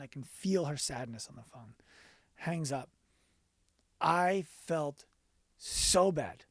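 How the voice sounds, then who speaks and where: A man being interviewed on a podcast as a business coach, telling stories earnestly and going quiet for the emotional parts. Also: fairly high pitch, lively intonation, slow, pauses often, no echo, studio quality.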